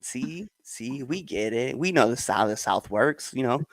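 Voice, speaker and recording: A man's voice: medium pitch, animated, unhurried, no echo. A young adult man from the Midwest hosting a wrestling podcast, telling stories animatedly with laughs and the odd swear. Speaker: podcast host. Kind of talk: casual podcast chat.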